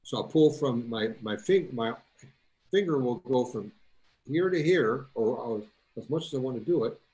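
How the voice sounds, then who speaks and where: A man demonstrates photo-editing steps to fellow club members, chatting casually to the group. His pitch moves a lot, giving the talk an animated, folksy feel. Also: moderate pace. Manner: folksy, instructive. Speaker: club presenter. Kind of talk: software demo to club.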